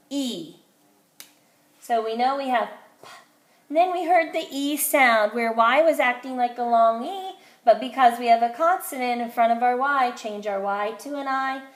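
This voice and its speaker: Woman teacher sounding out phonics slowly. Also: on the high side, echoey room. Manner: slow, clear sounding-out of letters and syllables. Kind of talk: phonics lesson for young children.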